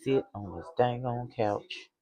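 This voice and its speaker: A woman's voice: extremely low pitch, measured pace, warm tone, poor audio. A middle-aged woman, chatting casually to viewers from her home kitchen, exclaiming and laughing often. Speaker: cooking vlogger.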